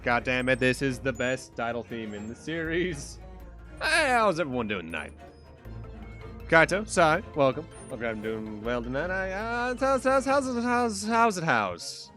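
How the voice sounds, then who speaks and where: Animated chatty male streamer. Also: fairly high pitch, unhurried, soft background music. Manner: chatty, stumbles over words. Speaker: streamer playing a game. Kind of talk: casual let's-play chat and reading.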